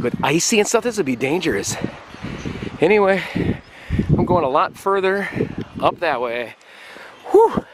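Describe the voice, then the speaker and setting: A man in his forties from the United States, chatting casually and excitably as he walks and vlogs outdoors, out of breath on a climb. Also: on the high side. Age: 40s. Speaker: travel vlogger. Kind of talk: casual walking vlog. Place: outdoors in a windy town and hillside. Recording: wind noise on outdoor mic.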